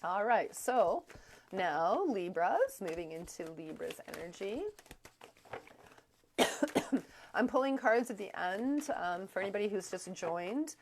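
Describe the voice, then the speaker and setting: A woman doing a live tarot and astrology reading, halting and rambling with many fillers, her throat strained and coughing now and then. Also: mid-range voice, expressive, slight background noise. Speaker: tarot reader.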